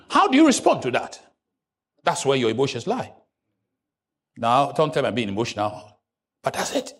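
A male pastor preaching a sermon in church, joking with the congregation and breaking into sudden loud rises. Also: mid-range voice, wildly swooping pitch, moderate pace, long pauses.

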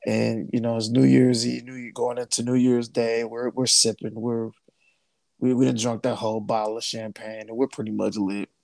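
A man's voice: mid-range voice, flat delivery, moderate pace, gravelly, darkish tone, no room sound. A man hosting a casual podcast chat, laid-back, repeating his phrases and laughing easily. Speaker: podcast host.

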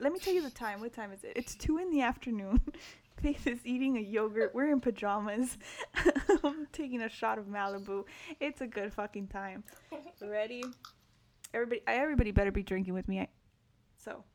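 A young woman hosting a casual podcast from home, talking bluntly and candidly with heavy cursing. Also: fairly high pitch. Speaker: podcast host.

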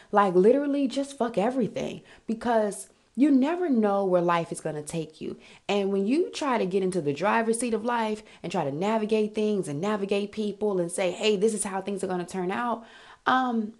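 Sassy, candid woman podcast host. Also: mid-range voice. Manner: candid, animated, sassy, addresses listeners as girl and honey. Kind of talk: casual motivational monologue.

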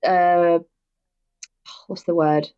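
A woman's voice: lowish voice, little pitch movement, extremely slow, smooth. A woman hosting a podcast, telling true-crime stories in a casual, blunt way and swearing freely. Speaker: podcast host. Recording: dull lo-fi audio.

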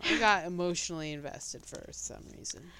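A woman's voice: fairly low pitch, expressive, moderate pace, sharp tone, dry recording. A woman co-hosting a podcast, chiming into a movie review with short, wry, sarcastic remarks. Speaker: podcast co-host. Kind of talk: casual movie review chat.

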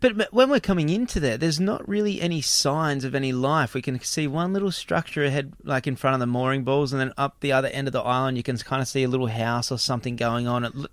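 A man's voice: mid-range voice, quick pace, hardly any pauses, no echo. A young man hosting a podcast, telling a travel story in a rambling way and often repeating words. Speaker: podcast host. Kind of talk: casual storytelling chat.

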